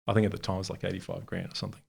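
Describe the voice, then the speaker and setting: A man from Bosnia and Herzegovina, a guest on an interview show, telling a casual, lively story with frequent laughter and informal, sometimes profane talk. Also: sits low, rapid-fire, creaky, husky. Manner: animated, laughs often, acts out other people's lines. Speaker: interview guest, art supply store founder.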